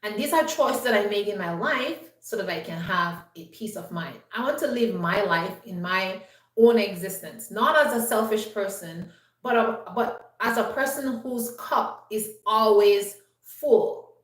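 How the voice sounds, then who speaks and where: In a casual to-camera story, a female vlogger speaks in an animated, unhurried way at medium pitch, keeping things upbeat and saying "you know" a lot. She's far from the mic, and the room adds a noticeable echo.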